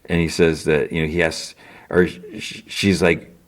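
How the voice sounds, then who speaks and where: A man with a notably deep, low voice talks through a show recap in a loose, casual way. He rambles, stacks up fillers and corrects himself as he goes, like a podcast host thinking out loud. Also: flat delivery, unhurried.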